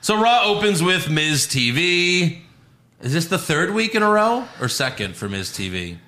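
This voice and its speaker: Bright-voiced swearing podcast man. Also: a little high, big pitch swings, normal speed, reverberant. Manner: swearing, playful recap with mock quotes. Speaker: podcast co-host recapping wrestling. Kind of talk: casual chat.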